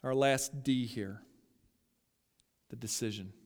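A male pastor preaching a sermon, emphatic and building to loud peaks as he talks straight to his listeners. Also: mid-range voice, slow pace, big-room sound.

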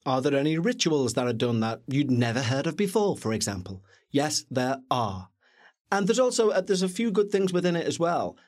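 A man co-hosting a podcast, reviewing a film in a chatty, jokey, animated way. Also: a little high, moderate pace. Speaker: podcast co-host. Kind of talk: casual film review chat.

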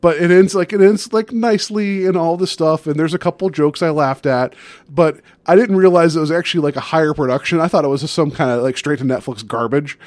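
Joking chatty man, fairly high voice. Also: fairly quick, no room sound. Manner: joking, rambling with many fillers. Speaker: podcast co-host. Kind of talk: casual chat.

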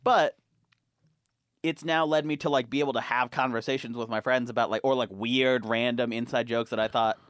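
A man's voice: mid-range voice, steady tone, fairly quick, fairly bright tone, smooth, no room sound, clean studio sound. A young man hosting a casual podcast, swearing and laughing as he rambles through stories. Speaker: podcast host.

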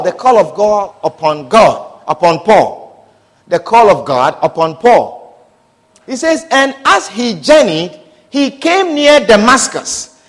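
A man's voice: very high voice, a bit bright. A man preaching a sermon with passion, repeating phrases and calling out hallelujah and amen. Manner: impassioned, repetitive, calls out hallelujah and amen.

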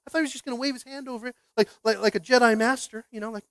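Pastor, male, thirties, slightly high voice, dry close sound, animated preaching. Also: very fast, smooth, no echo. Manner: animated, acts out Bible characters with big pitch jumps; asks the congregation "are you with me?". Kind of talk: sermon.

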